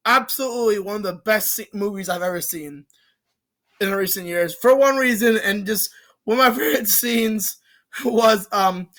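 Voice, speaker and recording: Bright-voiced rambling movie fan. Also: mid-range voice, moderate pace. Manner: rambling, many fillers and restarts, swears casually. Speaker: movie reviewer. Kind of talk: casual rambling film review.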